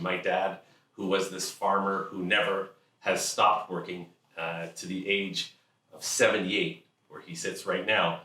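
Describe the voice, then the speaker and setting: A deep, middle-aged man tells a candid story about his family. His tone is bright and forceful, and he pauses often. He is recorded a little away from the mic in an echoey room. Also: far from the mic. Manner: earnest, candid, acts out family voices. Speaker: host telling a personal story. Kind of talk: personal storytelling talk.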